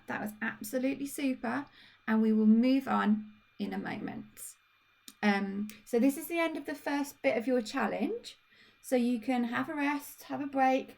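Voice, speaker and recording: A woman with a Birmingham accent, a primary school teacher recording a phonics lesson for young children, patient and encouraging, spelling out sounds slowly. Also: high voice, vocal fry, a little mellow. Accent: Birmingham (Brummie).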